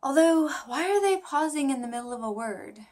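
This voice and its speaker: A tired woman talking through her language study in a casual vlog, musing and questioning herself as she goes, with frequent pauses and fillers. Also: high-pitched, lively intonation, darkish tone. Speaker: language learner vlogger. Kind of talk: casual thinking-aloud vlog.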